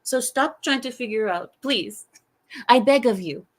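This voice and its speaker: A woman's voice: fairly high pitch, animated, measured pace. A woman hosting a livestream, reading viewer comments aloud and answering them in an exasperated way, with frequent sighs and rhetorical questions. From lives in America.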